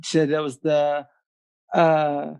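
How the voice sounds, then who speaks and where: A man's voice: on the high side, monotone, extremely slow, vocal fry, dark tone, clean tone. A British man chatting as a podcast guest, laughing easily and restarting his sentences. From United Kingdom. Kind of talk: casual chat.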